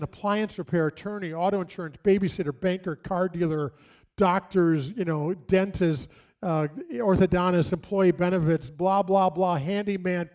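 A middle-aged man gives a sermon as a pastor, his voice high-pitched with a darkish tone. His stories unfold conversationally, with dramatic pauses along the way.

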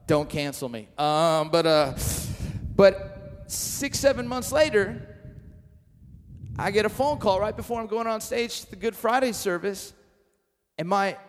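A man's voice: sits high, long reverb tail. A man preaching a sermon, telling a funny story and acting out the dialogue, with a self-deprecating humor. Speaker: pastor.

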